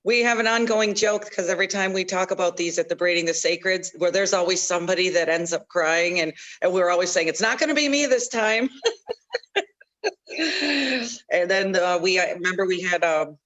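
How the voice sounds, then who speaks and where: Relaxed woman chatting. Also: fairly low pitch, brisk. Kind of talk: casual chat.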